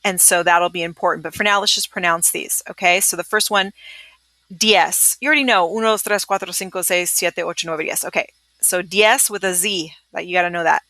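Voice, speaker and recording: A young adult woman recording a screencast pronunciation lesson as a Spanish teacher. She talks briskly and upbeat and keeps checking in with "okay?". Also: fairly low pitch, fairly even intonation, pushed and bright, dry recording. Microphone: computer mic, screencast.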